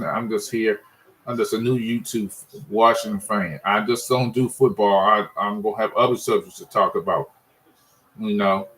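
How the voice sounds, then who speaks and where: A man's voice: lowish voice, a bit bright, poor audio. A man ranting in a casual monologue, frustrated and rambling, often restarting his sentences. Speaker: sports fan vlogger.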